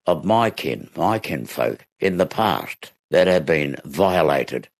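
This Australian actor has an extremely low, creaky voice with a sing-song lilt and a slow pace. Interviewed as a guest, he tells reflective stories from his past, imitating voices and laughing along.

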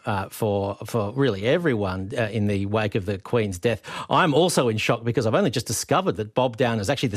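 A male radio host introducing and questioning a guest, with measured delivery and frequent fillers. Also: mid-range voice, dry recording, clean studio sound. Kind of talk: interview.

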